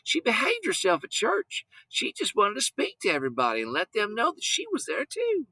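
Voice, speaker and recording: A man's voice: high voice, wildly swooping pitch, normal speed, bright, forceful tone, no room sound, voice pushed up, heavily acted. A man voicing an earnest young farm girl who sincerely defends her pet pig.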